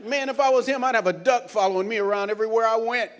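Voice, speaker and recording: A man working as a cruise director, doing stand-up comedy on a ship's stage and teasing the crowd loudly. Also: very high voice, fast talker. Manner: loud, teasing crowd banter. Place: cruise ship theater.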